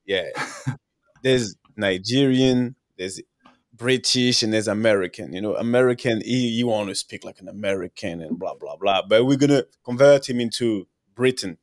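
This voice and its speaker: A man's voice: lowish voice, normal speed, dry recording, studio quality. A man hosting a casual football podcast, playful and joking, switching between French and English. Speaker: podcast host. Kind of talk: casual chat.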